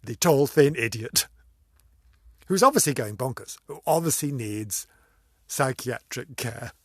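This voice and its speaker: A man's voice: medium pitch, lively intonation, a little slow, a bit bright, no room sound, studio quality. A man hosting his own video series, rambling through a comic sign-off, giggling and repeating himself.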